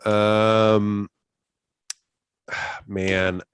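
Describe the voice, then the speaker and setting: A man co-hosting a podcast in casual chat, animated and swearing, often breaking off mid-sentence. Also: lowish voice, extremely slow, clean tone, no echo. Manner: animated, swearing, self-interrupting. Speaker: podcast co-host.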